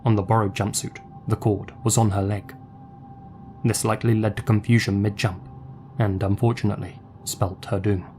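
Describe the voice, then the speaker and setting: A man reading scripted documentary narration in a measured, even storytelling manner. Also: on the low side, slight background noise. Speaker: narrator of the reacted video.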